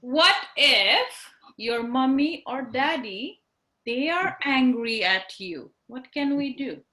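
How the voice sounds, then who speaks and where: A woman's voice: sits high, lively intonation, takes it slowly, bright, forceful tone, poor audio. A woman teaching young children in an online class over a video call, encouraging them with simple words and frequent tag questions.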